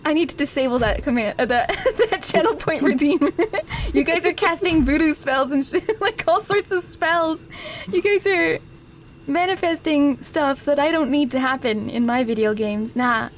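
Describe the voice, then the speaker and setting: Giggly high-voiced woman streamer. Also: moderate pace, slight background noise. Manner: giggly, laughs constantly, bursts into shrieks. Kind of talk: casual live-stream gaming chat.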